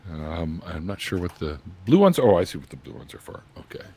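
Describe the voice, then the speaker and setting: A man's voice: low-pitched, sing-song, fairly quick, dark tone, slightly rough. A man hosting a casual hangout, narrating each step of his LEGO build as he goes. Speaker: host building a LEGO set. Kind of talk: casual chat while building.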